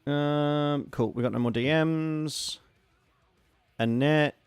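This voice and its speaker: A man streaming a game who chats casually and gets excitable, greeting his chat and reacting loudly to the action. His voice sits a little high for a man and has a gravelly, fry-tinged edge. The sound is dry and close, with faint music underneath. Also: takes it slowly, no room sound. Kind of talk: casual live-stream chat while gaming.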